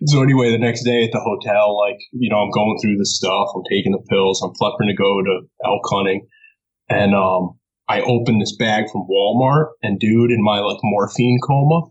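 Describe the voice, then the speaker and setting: A man from New York, a podcast guest, telling a story in a casual, animated way, laughing often and swearing freely. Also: on the low side, moderate pace, breathy edge, dull audio.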